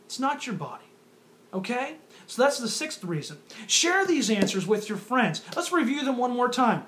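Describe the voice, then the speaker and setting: Earnest young man with a high voice. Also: big pitch swings, moderate pace, fairly bright tone, a little hiss or hum. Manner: earnest, repeats his points, challenges listeners. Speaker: youth ministry speaker. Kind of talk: earnest talk to youth. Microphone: phone or webcam camera.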